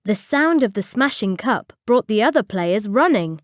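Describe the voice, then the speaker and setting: A woman's voice: mid-range voice, lively intonation, normal speed, no room sound, clean studio sound. A woman reading a storybook aloud expressively for English learners. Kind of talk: storybook narration.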